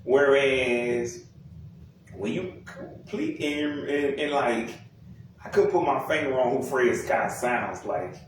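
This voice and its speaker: A man's voice: medium pitch, animated, slow. A young man giving a blunt, profane, rambling rant about a music album, exasperated and casual. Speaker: music commentator. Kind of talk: casual ranting commentary. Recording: very echoey room, distant from mic, faint noise.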